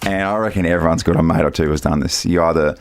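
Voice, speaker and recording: A man hosting a breakfast radio show, telling stories in a jokey, animated way. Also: low-pitched, fast, loud music behind the voice. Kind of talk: casual chat.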